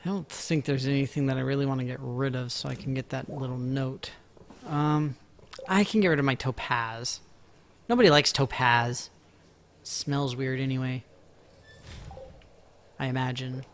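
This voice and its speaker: A man streaming a farming game, chatting casually and playfully, teasing his viewers and breaking into excited outbursts. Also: mid-range voice, moderate pace, pauses often, slight background noise. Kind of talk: casual live-stream chat. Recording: faint music behind.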